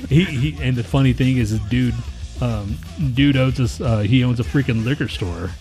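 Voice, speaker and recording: A man's voice: mid-range voice, normal speed, darkish tone, faint music behind. A man in his thirties co-hosting a podcast, telling a long story in a rambling, profane way and acting out his coworkers' lines. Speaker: podcast co-host. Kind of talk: casual chat.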